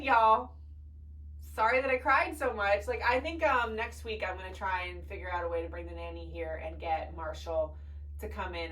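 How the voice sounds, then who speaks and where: A woman's voice: fairly low pitch, fairly bright tone, recorded from a distance, rough recording. A young woman hosting a podcast, chatting candidly and emotionally, swearing freely and choking up at times. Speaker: podcast host. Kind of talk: casual personal chat.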